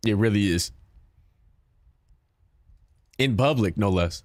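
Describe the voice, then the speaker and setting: A man's voice: medium pitch, moderate pace, pauses often, dry recording, studio quality. A man streaming a game, chatting casually and profanely with his viewers, joking and talking back to chat.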